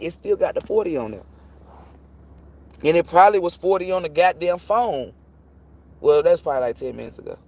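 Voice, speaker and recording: A man reading tarot on a live stream, ranting casually and profanely, rambling and cutting himself off, jumping between loud bursts and low muttering. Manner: profane, rambling, self-interrupting; animated, jumps between shouting and muttering.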